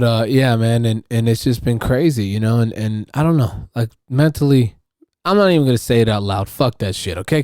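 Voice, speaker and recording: A man's voice: medium pitch, a little mellow, no room sound, clean studio sound. A man hosting his own podcast, talking alone in a loose, rambling, profane monologue. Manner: rambling, profane, restarts and fillers. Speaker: podcast host. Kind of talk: casual solo podcast monologue.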